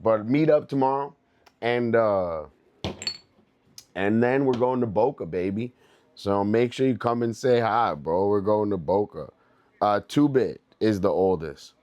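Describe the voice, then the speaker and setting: Young man, livestreamer, low voice, unhurried drawl, rambling casual chat. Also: darkish tone, muffled recording. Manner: loose, rambling, laughs often, addresses chat as dude and bro.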